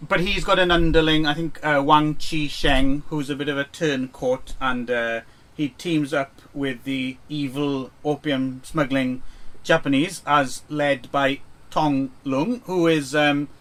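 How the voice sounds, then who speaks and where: Brief: male co-host, slow and halting, slightly high voice. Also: fairly even intonation, a bit bright, poor audio. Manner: hesitant, many ums and uhs. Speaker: podcast co-host. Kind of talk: casual chat.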